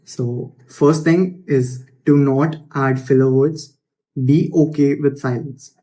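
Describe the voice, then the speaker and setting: A man's voice: mid-range voice, fairly even intonation, takes it slowly, warm tone. A young man giving unscripted self-improvement advice, blunt and loose, with casual swearing and frequent restarts.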